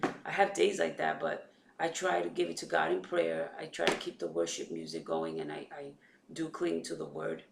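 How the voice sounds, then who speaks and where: New mom vlogging from home, super gravelly fry in her voice, echoey room, chatty and full of faith. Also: deep voice, normal speed, background noise. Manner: talkative, retells conversations, faith-filled. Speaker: mother vlogging about her sons. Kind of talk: casual chat to camera.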